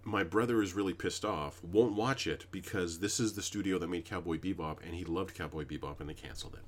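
A man's voice: low-pitched, fairly quick. A man co-hosting a podcast, talking casually, emphatic and heavy on swearing. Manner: profane, emphatic, with frequent fillers. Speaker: podcast co-host. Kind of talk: casual chat.

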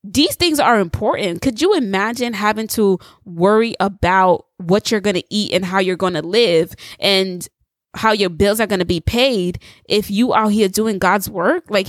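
A woman preaching a testimony sermon, telling her story in a lively way and putting questions straight to her listeners. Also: mid-range voice, no echo, studio quality. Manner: animated storytelling, acts out dialogue; addresses listeners directly with rhetorical questions.

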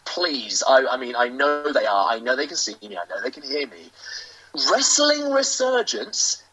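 A British man, a professional wrestler, delivering a grandiose, self-aggrandizing in-character promo with theatrical pauses. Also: medium pitch, sharp tone, husky, soft background music. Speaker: professional wrestler, interview guest. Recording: lo-fi dull audio.

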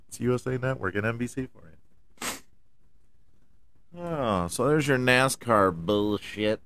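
A man's voice: mid-range voice, expressive, takes it slowly, long pauses, a bit bright, slight background noise. A man hosting a podcast, giving rambling, profane, joking commentary on his own. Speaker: podcast host. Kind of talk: casual solo commentary.

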